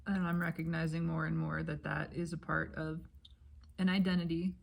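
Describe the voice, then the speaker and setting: A woman with a low, husky voice rambles her way through her thoughts, unhurried and reflective. She talks casually as she eats, sometimes swearing, letting each idea wander into the next. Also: flat delivery. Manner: talks with her mouth full while eating breakfast. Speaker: spiritual vlogger.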